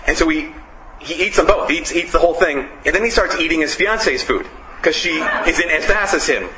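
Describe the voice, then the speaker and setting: A man preaching a casual, story-filled sermon, animated and emphatic with punchy repetition. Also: a little high, a little fast, roomy sound, background noise.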